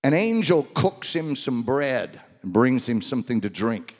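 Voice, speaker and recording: Male preacher, sermon, slow deliberate delivery, loud and hushed swings, long hall reverb. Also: mid-range voice, very animated.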